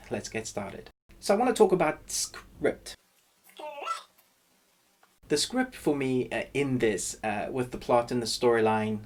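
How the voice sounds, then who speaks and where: A man's voice: mid-range voice, a little mellow. A man hosting his own channel, chatting casually through a movie review and thinking aloud as he goes. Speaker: film reviewer and channel host.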